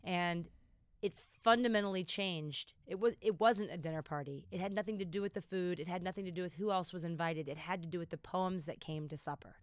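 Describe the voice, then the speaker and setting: A woman poet guest talking casually on a podcast, telling stories in an animated way and laughing easily. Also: fairly low pitch, fairly quick, no echo, clean studio sound. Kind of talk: casual conversation with poetry reading.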